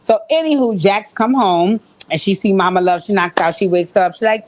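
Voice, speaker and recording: A woman recapping a TV episode in a casual, animated way, full of profane slang. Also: medium pitch, moderate pace. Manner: acts out quoted lines in shifting voices.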